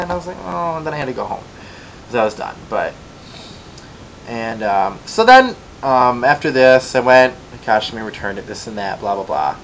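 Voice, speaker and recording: A young man from Michigan telling a long casual story in a vlog, chatty and gossipy, with sassy asides and lively quoted voices. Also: medium pitch, slight background noise, poor audio. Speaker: vlogger.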